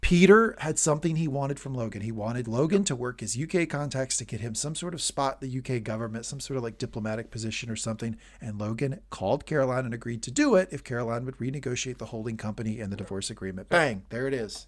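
Man, podcast co-host, casual recap chat, emphatic, profane, lively pitch. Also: fast talker, hardly any pauses.

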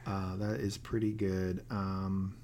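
A man's voice: low-pitched, slow. A man co-hosting a podcast, chatting casually about favorite lines and reading quotes aloud in dramatic voices. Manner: relaxed, jokey, reads quotes aloud in dramatic put-on voices. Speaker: podcast co-host.

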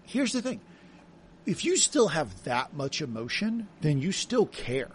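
A man co-hosting a podcast, chatting casually about a TV episode in an animated way and acting out quotes. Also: a little high, measured pace, a little hiss or hum. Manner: animated, acts out quotes with a laugh. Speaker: podcast co-host. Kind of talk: casual chat recapping a TV episode.

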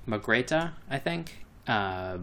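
A man co-hosting a book podcast, talking casually and hesitantly, with many pauses while recapping. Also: medium pitch, lively intonation, sharp tone. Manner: hesitant, many fillers and restarts. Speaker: podcast co-host.

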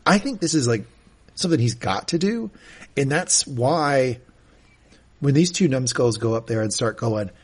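Podcast co-host, male, husky voice, chatty recap that slips into quoted dialogue. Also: medium pitch, moderate pace. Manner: animated, reenacts quotes. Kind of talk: casual recap chat.

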